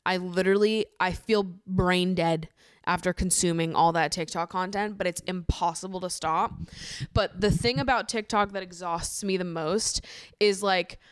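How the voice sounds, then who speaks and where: A young woman hosting a casual solo podcast, ranting in an opinionated, profane, animated way with bursts of laughter. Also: on the low side, normal speed, clear, resonant tone, dry recording, clean studio sound. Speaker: podcast host.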